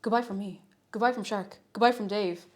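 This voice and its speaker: A woman streaming live, chatting casually in a scattered, playful way that breaks into sing-song and shouting. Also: medium pitch, a little fast, heavy background noise.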